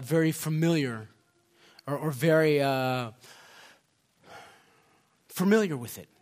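A middle-aged man preaching a sermon, telling a story in a loose, conversational way full of fillers before rising into loud, fervent exclamations. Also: a little high.

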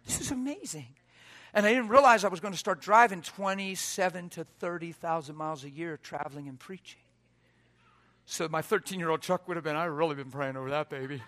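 Male preacher, high voice, bright tone, animated storytelling sermon. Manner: animated, acts out quotes, laughs often.

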